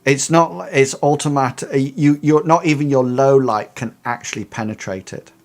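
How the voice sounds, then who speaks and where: A man narrating a tabletop role-playing game as game master, halting and full of restarts. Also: medium pitch, steady tone. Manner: hesitant, many fillers and restarts.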